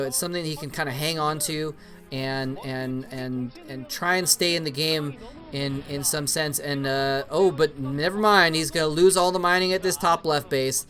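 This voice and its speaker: This is a man commentating a strategy-game match on his own, in a loose, conversational way. He often stammers over his words and repeats himself. At the big moments his voice shoots up into excited, high-pitched cheers. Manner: chatty, jokey asides. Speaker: esports commentator. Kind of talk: solo play-by-play commentary over an old match.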